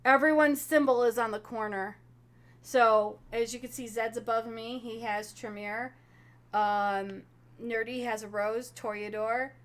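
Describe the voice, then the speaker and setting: A woman running a tabletop role-playing game as game master, explaining at length in an animated way. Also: on the high side, measured pace.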